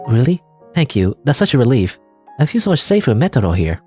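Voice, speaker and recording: A man's voice: medium pitch, very animated, fast talker, dark tone, soft background music, natural voice. A man voicing a frightened young female student who is usually tough, talking in a hesitant, worried way. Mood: relieved.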